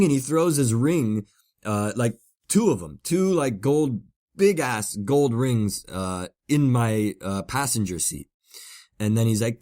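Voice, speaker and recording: A man's voice: medium pitch, animated, moderate pace, mellow. A man hosting a podcast, telling a casual story in a rambling way with many fillers and repeated words. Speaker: podcast host.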